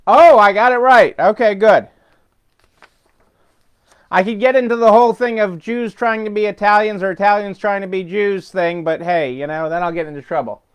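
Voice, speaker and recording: A chatty middle-aged man hosts a weekly business update with a high, smooth and resonant voice. He rambles through his points with fillers and restarts, chuckling along the way. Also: normal speed. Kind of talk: casual unscripted talk.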